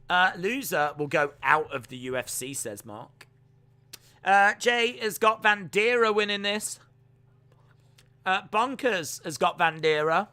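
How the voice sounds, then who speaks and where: A man hosting a live fight watch-along, giving steady play-by-play full of filler "uh"s. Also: fairly high pitch, clean tone. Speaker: live stream host and commentator. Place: home streaming setup.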